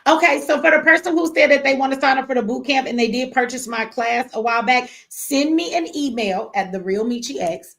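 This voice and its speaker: A woman's voice: high-pitched, brisk, hardly any pauses, a bit bright. A woman hosting a casual live stream from home, chatty and slangy, cussing and reading viewer comments aloud. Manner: chatty, slangy, cusses and laughs often.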